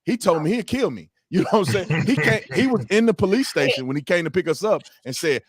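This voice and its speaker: A man hosting a casual livestream chat, relaxed and prone to quick restarts. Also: high voice, husky, no echo, studio quality. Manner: relaxed, stumbling restarts, easy laughter. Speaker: host.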